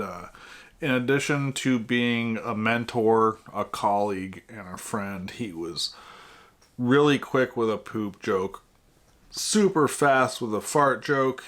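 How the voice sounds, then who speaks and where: A man hosting a podcast, telling jokes in a dry, deadpan way. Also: medium pitch. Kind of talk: casual joke telling.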